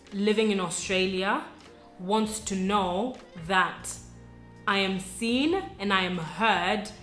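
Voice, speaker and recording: Speaking to camera as a vlogger, a young woman from Sudan shares her personal story in an earnest, reflective, conversational way, peppered with "you know," "like," and frequent asides. Her voice is mid-range and a bit bright. Faint music and a roomy echo fill the recording.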